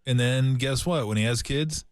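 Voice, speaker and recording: A man's voice: medium pitch, normal speed, no echo. A man co-hosting a sports radio show, ranting emphatically in a mock-grumpy way during casual studio banter. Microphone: studio microphone.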